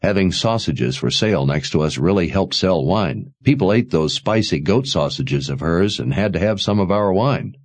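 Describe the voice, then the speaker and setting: A man's voice: low-pitched, animated, normal speed, few pauses, dry recording. A man voicing a friendly, concerned young wine seller who talks easily. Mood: kindly.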